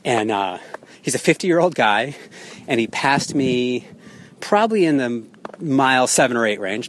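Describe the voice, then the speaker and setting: A man's voice: medium pitch, fairly bright tone, a little hiss or hum. Chatty man rambling through a race story. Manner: rambling, chatty, lots of ums and restarts, laughs at himself. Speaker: marathon runner recounting his race. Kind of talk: casual spoken recap.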